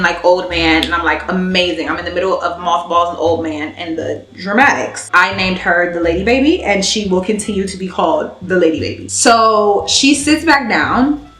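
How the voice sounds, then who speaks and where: A woman's voice: lowish voice, a bit bright, roomy sound. A young woman telling a dramatic, slangy storytime on her vlog, laughing as she goes. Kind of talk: animated storytime.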